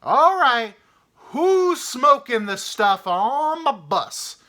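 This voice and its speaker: A man voicing a fed-up male bus driver who shouts stern ultimatums. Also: mid-range voice, completely flat delivery, very slow. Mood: bellowing.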